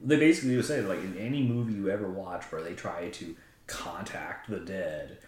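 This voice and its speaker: Deep-voiced joking man, echoey room. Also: normal speed, darkish tone. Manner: joking, drops into silly put-on voices. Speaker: podcast co-host. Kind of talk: casual chat. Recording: roomy echo.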